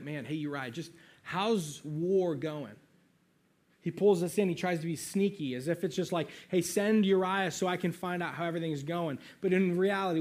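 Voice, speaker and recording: A man's voice: fairly high pitch, mellow. A pastor giving a sermon in a casual, conversational way, with frequent asides to his listeners.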